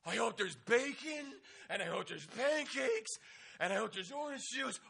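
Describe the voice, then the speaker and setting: Guy doing a high, giddy teen camper kid, eager rambling chatter. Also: very animated, unhurried, creaky, bright, forceful tone, breathy edge, heavily acted. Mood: gleeful. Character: excitable odd teenage boy camper.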